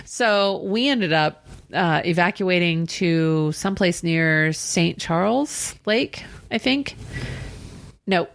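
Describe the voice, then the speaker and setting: A woman's voice: lowish voice, lively intonation, slow pace, gravelly, dry recording. A woman co-hosting a podcast in casual chat, rambling through stories, laughing often and swearing casually. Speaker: podcast co-host.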